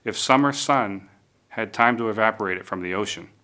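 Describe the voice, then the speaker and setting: A man's voice: lowish voice, a little fast, bright, forceful tone. A man voicing a sly, shameless male badger in a storybook tale, making glib excuses.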